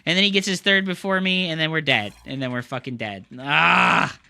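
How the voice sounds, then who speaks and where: A young male streamer with a strikingly bright, forceful voice pitched a little high. He rants through his games, swearing freely and talking in loose gamer slang. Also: animated, a little fast, smooth. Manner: frustrated ranting, heavy swearing. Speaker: game streamer. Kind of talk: live gameplay commentary.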